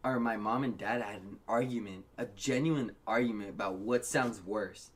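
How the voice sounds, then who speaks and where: A man's voice: fairly low pitch, moderate pace. A young man co-hosting a podcast in casual chat, telling stories animatedly and swearing freely. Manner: animated storytelling, frequent swearing. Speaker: podcast co-host.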